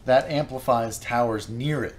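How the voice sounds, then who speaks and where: A man co-hosting a gaming livestream in casual chat, teasing his partner and chiming in with quick reactions. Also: mid-range voice.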